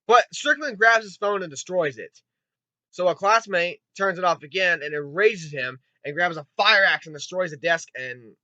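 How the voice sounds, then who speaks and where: A man giving a rambling, excitable spoken movie review, swearing often and retelling scenes with quick put-on voices. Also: sits high, no room sound, dull audio. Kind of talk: casual spoken film review.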